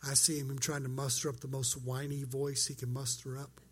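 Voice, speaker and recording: A man's voice: medium pitch, level tone, fairly quick, husky. A man preaching a sermon as pastor, earnest and conversational, acting out quoted lines.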